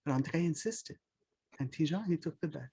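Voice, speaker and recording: Animated storyteller, folk tale for adults, very lively pitch, mixes in French words. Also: a little fast, husky. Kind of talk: oral folk-tale telling.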